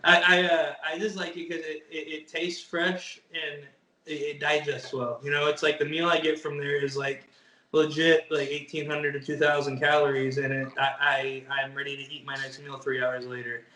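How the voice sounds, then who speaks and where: A man's voice: on the high side, flat delivery, normal speed, pushed and bright, far from the mic. A young man, a bodybuilder, chatting casually as an interview guest, easygoing and hesitant with lots of fillers. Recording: echoey room.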